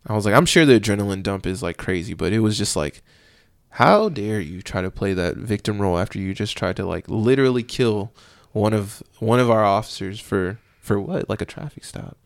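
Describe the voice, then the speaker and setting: A man speaks in a low, gravelly voice as he recounts his time as a police officer. His talk is loose and rambling, full of fillers and restarts. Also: brisk. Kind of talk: casual storytelling in an interview.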